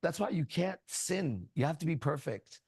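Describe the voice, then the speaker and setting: A man's voice: a little high, expressive, normal speed, a little mellow, slightly rough, dry recording. A man teaching in a casual spiritual talk, blunt and crude, full of profanity as he tells stories. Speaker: ministry teacher.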